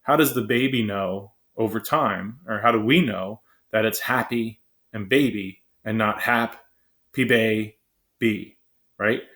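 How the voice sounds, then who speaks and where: Lecturer, male, lowish voice, quick conversational delivery with lots of "right?" tag questions. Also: a bit bright. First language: English. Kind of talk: classroom lecture.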